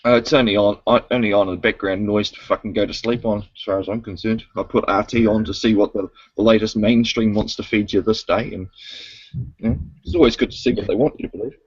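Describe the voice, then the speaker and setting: A man's voice: on the low side, steady tone, quick pace, breathy edge, dry recording, muffled recording. A middle-aged man at home in a casual online voice chat, joking and swearing freely as he rambles. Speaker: voice chat participant.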